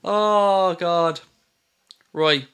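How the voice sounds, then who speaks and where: A man's voice: sits high, extremely slow, fairly bright tone, clear, resonant tone. A man hosting a live football watchalong stream, ranting and swearing at trolls with sarcasm.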